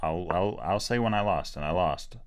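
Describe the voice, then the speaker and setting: Very deep-voiced man talking through a chess game. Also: normal speed. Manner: thinking aloud, hesitant, defensive. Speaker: chess streamer. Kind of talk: casual live commentary while playing.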